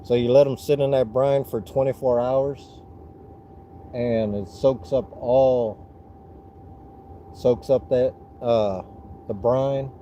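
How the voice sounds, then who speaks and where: Slow-talking Southern man with a dark voice. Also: medium pitch, slight background noise, low-quality recording. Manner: relaxed, rambling explanations with restarts. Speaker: fishing livestream host. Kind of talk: casual livestream chat.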